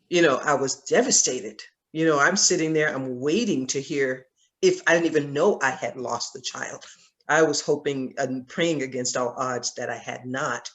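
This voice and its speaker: Her voice sits extremely low yet carries a fairly bright tone. A Southern woman leads a Bible study over video call, earnestly telling a personal story and laughing often in this conversational teaching.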